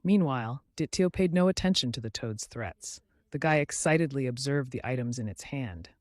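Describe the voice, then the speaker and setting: A man narrating a comic story recap in a brisk, matter-of-fact scripted way. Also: medium pitch, expressive, darkish tone, no room sound, clean studio sound.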